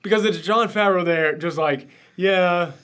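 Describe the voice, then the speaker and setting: A man's voice: a little high, animated, brisk, fairly bright tone. A man hosting a spoiler discussion, emotional and choked up, gushing and swearing freely as he talks. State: tearful, choked up. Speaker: host.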